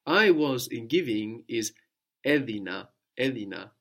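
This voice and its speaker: A man with a middle-pitched voice leads a spoken language lesson. He prompts his student step by step and repeats each answer back slowly and clearly, with patient encouragement. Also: lively intonation, a bit bright. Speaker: language teacher.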